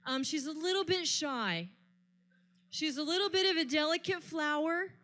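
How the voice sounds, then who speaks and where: Bright, high-voiced female comedy host. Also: expressive, normal speed. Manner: playful, teasing banter. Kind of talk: stand-up comedy emcee. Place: live comedy stage.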